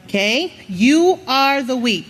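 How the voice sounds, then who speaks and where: A woman preaches a motivational sermon, coaxing the congregation to repeat after her. Her voice sits high and swings widely in pitch. She sounds like she is speaking in a large worship hall. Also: slow pace. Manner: lively call-and-response, coaxing the crowd. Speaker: church speaker.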